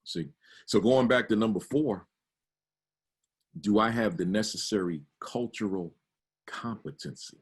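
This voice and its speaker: Deep, husky man giving staff training. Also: a little slow, pauses often. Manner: earnest, repeats words often, asks rhetorical questions. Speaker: school administrator leading staff training. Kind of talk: staff orientation talk.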